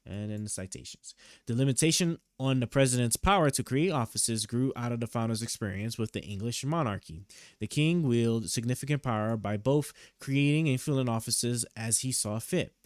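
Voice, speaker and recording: During a casual live stream, a man reads a court opinion aloud, often stopping to puzzle over it and check words, his speech halting and restarting. His medium-pitched voice is captured on a headset or desk mic with dry, studio-quality sound.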